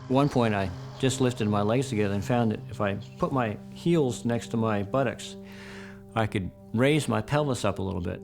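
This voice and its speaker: A man's voice: lowish voice, normal speed, vocal fry. A man giving documentary testimony about surviving a fall, speaking plainly and reflectively with a dry, self-deprecating touch. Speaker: survivor telling his story. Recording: music bed under interview.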